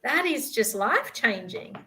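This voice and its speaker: A woman's voice: a little high, sing-song, unhurried, bright, forceful tone. A woman with an Australian accent, a spiritual teacher speaking as a podcast guest in an eager, enthusiastic way. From Adelaide, Australia. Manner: eager, enthusiastic, many affirming murmurs. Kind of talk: casual chat.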